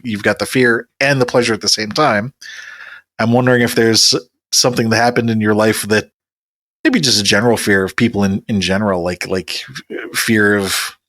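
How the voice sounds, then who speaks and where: A man hosting an interview podcast, asking measured, probing questions. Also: mid-range voice, fairly bright tone.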